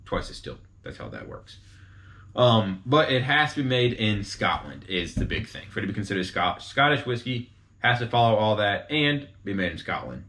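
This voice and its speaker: A man's voice: lowish voice, animated, normal speed, sharp tone. A man hosting his own show, casually explaining to viewers in a chatty, informal way with frequent asides to the audience. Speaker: host explaining whiskey types.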